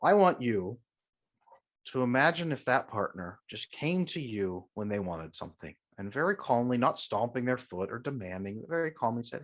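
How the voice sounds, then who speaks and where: A man's voice: medium pitch, very animated, normal speed. Confident man coaching through an exercise. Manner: guides the listener through an imagined scenario in a coaching tone; emphatic and confident, often agreeing firmly. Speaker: attachment coach and guest. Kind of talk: conversational podcast interview.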